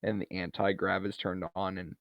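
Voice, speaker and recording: A man co-hosting a podcast, casually recapping a movie scene by scene with quick asides. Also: deep voice, creaky, no echo. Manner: animated retelling, laughs often, quick asides. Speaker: podcast co-host. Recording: dry, dull lo-fi sound.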